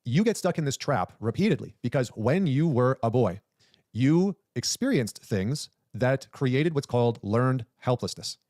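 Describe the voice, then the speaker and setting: A man's voice: mid-range voice, big pitch swings, a little slow, a little mellow, no echo, studio quality. A man coaching men on relationships, talking straight to the listener with emphatic repetition. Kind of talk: direct-to-camera advice talk.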